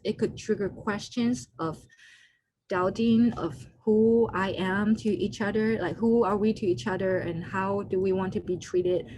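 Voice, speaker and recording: A woman with a medium-pitched, slightly mellow voice runs an online skills workshop from a room at home over a video call, picked up by her computer mic. Her delivery is loose and unscripted, full of fillers, and she acts out short quoted lines. The recording is low quality with slight background noise.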